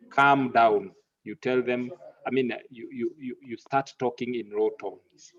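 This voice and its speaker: A man lecturing an online class, halting and repeating words, slipping into Swahili now and then. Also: medium pitch. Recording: muffled lo-fi audio.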